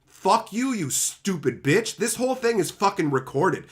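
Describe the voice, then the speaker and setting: A male streamer rants to his live chat, swearing constantly and mocking whatever he's talking about. His voice sits a little high and swings widely in pitch as he gets worked up. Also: big pitch swings, normal speed. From Canada. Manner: angry, profane, sarcastic ranting.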